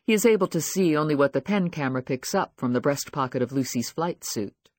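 Man narrating an audiobook, lively pitch, dry close sound. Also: brisk, no room sound. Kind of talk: scripted narration.

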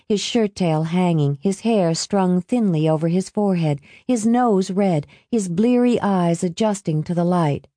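A woman narrating a novel aloud with steady, expressive reading. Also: on the low side, dry recording. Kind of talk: audiobook narration.

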